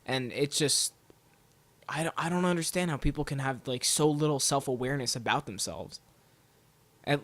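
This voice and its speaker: A man's voice: a little high, dry recording. Young adult man, podcast host, casual profane rant, filler-heavy, dry close sound. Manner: profane, rambling, heavy use of "like".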